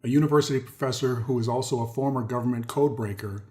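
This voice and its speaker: A man's voice: medium pitch, steady tone, fast talker, mellow. A man hosting a commentary video, reading articles aloud and stressing key words, often speaking to viewers as folks. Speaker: host.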